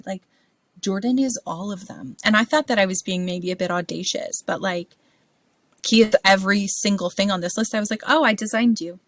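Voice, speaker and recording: A woman guest on a podcast, telling stories in a lively way with quick laughs. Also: medium pitch, no echo. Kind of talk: casual podcast conversation.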